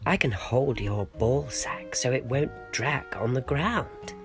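A woman's voice: very deep voice, expressive, slow pace, soft background music, heavily acted. A woman voicing a silly young boy puppet character in a goofy, singsong way.

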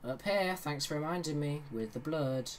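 A man's voice: fairly high pitch, moderate pace, a little hiss or hum. A man giving casual, chatty commentary on a horror game while he plays, with joking asides. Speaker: let's play host.

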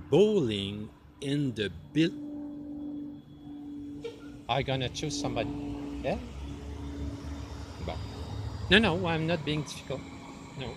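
A man with a French accent and French as his first language, doing a playful comic act with an imaginary guest, halting and full of restarts. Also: mid-range voice, noisy background. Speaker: comedian.

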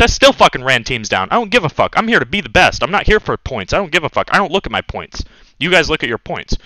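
A man's voice: on the high side, big pitch swings, quick pace, pushed and bright, dry recording, poor audio. A man who makes competitive gaming videos, delivering an angry, profane monologue and insisting on his point again and again. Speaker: competitive gaming content creator.

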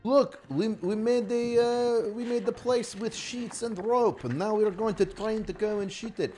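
A man's voice: high-pitched, measured pace, warm tone, faint music behind. A man giving profane, mocking live-stream commentary on a news video, often bursting into laughter.

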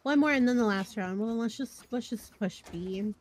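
Brisk woman calling plays in a game. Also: on the high side, darkish tone. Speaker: gaming teammate. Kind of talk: casual gaming chat.

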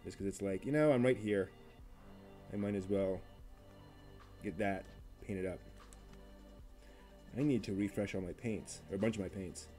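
A man narrating a tabletop game during a live stream while he paints miniatures, rambling with many pauses and restarts. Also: lowish voice, mellow, soft background music.

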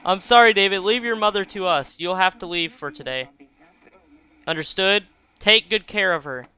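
Calm, firm hospital nurse from a game, read by a man, slightly raised pitch. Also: moderate pace, clear, resonant tone. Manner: firm and soothing. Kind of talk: reading game dialogue aloud.

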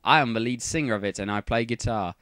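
A man reading fan fiction aloud for comedy, dropping deadpan sarcastic asides. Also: medium pitch, quick pace, clear, resonant tone, no echo, clean studio sound.

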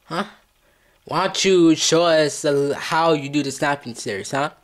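A man's voice: on the high side, measured pace. Profane, taunting male vlogger. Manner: profane, mock-threatening, repeats taunts. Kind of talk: comedic scolding skit.

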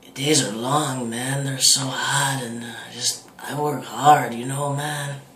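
A man's voice: medium pitch, fairly even intonation, takes it slowly, pushed and bright, a little hiss or hum. A man doing an impression of a laid-back stoner man who drawls and tacks "man" onto almost every phrase, in an echoey room. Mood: mumbling.

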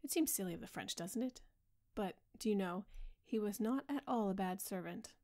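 A woman voicing a petulant, languid young gentleman in a soft bedtime audiobook reading. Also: mid-range voice, expressive, moderate pace, natural voice. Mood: airy.

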